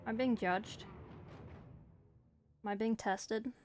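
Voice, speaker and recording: A slightly high-voiced woman with an English accent touched by New Zealand vowels, who talks unhurriedly and pokes fun at herself. She streams her miniature painting and tosses quick, teasing replies to her viewers. Soft music plays faintly behind her. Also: steady tone. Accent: English with New Zealand traces. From England and New Zealand. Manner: playful, self-mocking, answers the chat in short bursts. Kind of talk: casual chat with viewers while painting.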